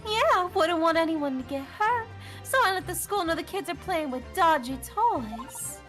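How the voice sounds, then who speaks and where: A woman doing a scheming young swindler with a Southern twang. She brags about her lies in a very high, bright voice. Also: expressive, a little slow, soft background music, heavily acted. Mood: sly. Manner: sly, boastful. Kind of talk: reading game dialogue aloud.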